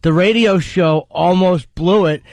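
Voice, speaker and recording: A man co-hosting a talk radio show, blunt and quick. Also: high voice, darkish tone, no echo. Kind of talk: casual talk radio banter.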